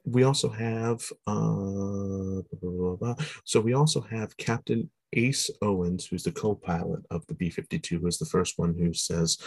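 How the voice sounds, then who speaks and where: A man's voice: low voice, unhurried, husky, no echo. A man hosting a casual chat podcast, chatty, laughing often and slipping into character voices. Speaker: podcast host.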